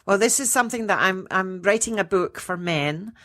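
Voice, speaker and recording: Guest: middle-aged woman, mid-pitched voice, lively storyteller who acts out quotes. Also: normal speed. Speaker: menopause coach, guest. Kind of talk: casual interview chat.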